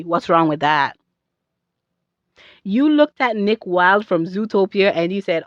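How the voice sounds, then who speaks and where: A woman ranting casually to camera in a sassy, animated way, drifting off on tangents. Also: mid-range voice, measured pace, no room sound. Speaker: video creator and artist. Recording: dull lo-fi dry recording.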